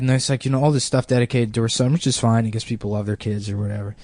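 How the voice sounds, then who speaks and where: Deadpan man telling a rambling story. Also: mid-range voice, brisk, dry recording. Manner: deadpan, filler-heavy, dry and offhand. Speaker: podcast host telling a story. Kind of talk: casual storytelling chat.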